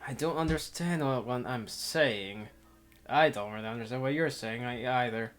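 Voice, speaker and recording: A man's voice: medium pitch, normal speed, soft background music. Rambling man reading a visual novel aloud. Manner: rambling, self-interrupting, laughs often. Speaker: let's player.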